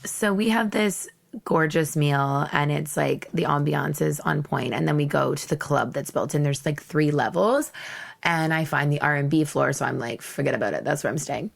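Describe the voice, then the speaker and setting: A woman's voice: low-pitched, normal speed, creaky. A young woman hosting a podcast, telling a personal travel story in a blunt, theatrical, candid way with frequent laughs. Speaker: podcast host.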